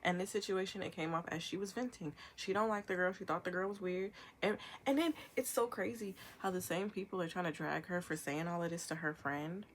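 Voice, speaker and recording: There's a slight hiss or hum as a young woman with a lowish voice vents on camera. This vlogger's ranting commentary comes out fast and forceful, full of lively mimicked quotes.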